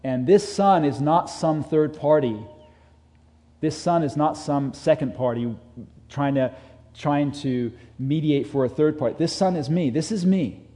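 A man preaching a sermon as a pastor, earnest, rising in intensity and then dropping to soft emphasis. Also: on the high side, unhurried. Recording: long hall reverb.

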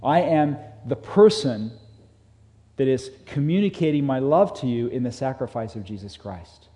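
A man's voice: medium pitch, animated, moderate pace. Earnest male preacher in a reverberant hall. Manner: earnest, builds up then drops to soft emphasis. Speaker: pastor. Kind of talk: sermon.

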